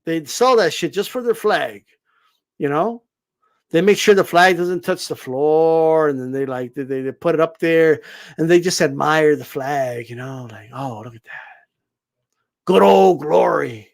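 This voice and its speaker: A man's voice: fairly high pitch, moderate pace. A man hosting a boxing channel, ranting to camera in a sarcastic, profane, mocking way. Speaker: boxing YouTuber. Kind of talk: casual rant to camera.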